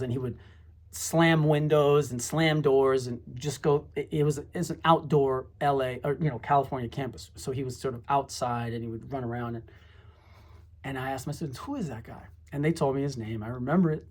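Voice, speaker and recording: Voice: mid-range voice, darkish tone. Rambling reflective storyteller, former teacher. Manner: reflective, rambling, with many asides. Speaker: former high school teacher. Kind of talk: casual storytelling monologue.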